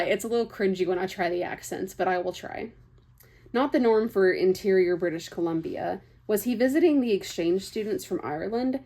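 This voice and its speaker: A woman's voice: medium pitch, darkish tone. Young woman reading a novel aloud. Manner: chatty, laughs and breaks off for casual asides. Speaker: book reader.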